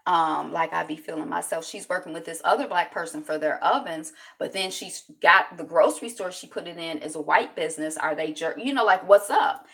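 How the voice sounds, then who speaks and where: A woman talks through a TV episode as a casual vlog recap. Her voice is bright and forceful. She tells the story in an animated, chatty way with plenty of fillers. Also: on the low side, brisk, creaky, hardly any pauses.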